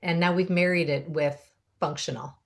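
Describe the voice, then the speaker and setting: A middle-aged woman hosts an interview in a low voice. She sounds upbeat and encouraging and explains things at length. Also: steady tone, normal speed. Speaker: host.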